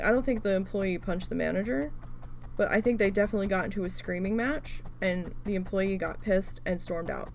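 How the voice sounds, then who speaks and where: Woman, gravelly voice, casual storytelling, animated and profane, faint room hum. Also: mid-range voice. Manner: animated, profane venting with quoted dialogue. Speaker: craft video host. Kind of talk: casual storytelling while crafting.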